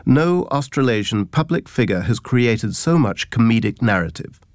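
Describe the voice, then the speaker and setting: A man narrating humorous memoir anecdotes from a script. His telling is wry and dry, with a self-mocking edge. His voice sits at an everyday middle pitch, and it is recorded close and dry with no room sound. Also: very animated, moderate pace, no room sound.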